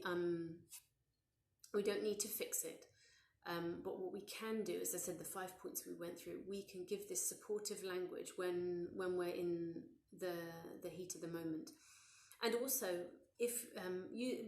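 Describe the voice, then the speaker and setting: A woman in her thirties giving a live parenting session, gentle and conversational, with many fillers and restarts. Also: on the low side, roomy sound. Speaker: parenting educator.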